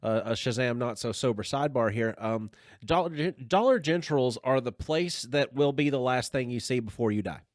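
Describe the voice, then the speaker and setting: A man's voice: mid-range voice, animated, moderate pace, no room sound, clean studio sound. A man with a Southern US accent co-hosting a casual podcast chat, rambling with lots of fillers and sidebars. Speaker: podcast co-host.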